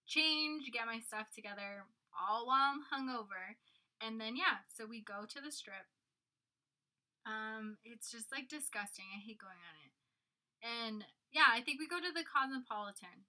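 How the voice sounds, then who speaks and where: A young woman telling a story in casual chat, animated and swearing, acting out the voices of the people in it. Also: on the high side, moderate pace. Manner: animated, swearing, acts out her own past lines.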